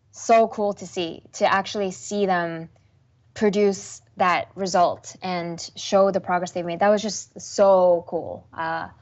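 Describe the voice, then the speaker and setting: A young woman esports host answering interview questions in an animated, self-deprecating way. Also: fairly low pitch, lo-fi sound.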